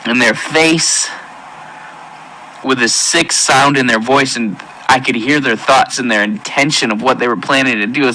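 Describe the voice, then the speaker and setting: A man giving an emotional personal testimony in an earnest, halting way, with many pauses and restarts. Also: mid-range voice, sharp tone, a little hiss or hum, rough recording. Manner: intense, pleading delivery. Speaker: testimony speaker.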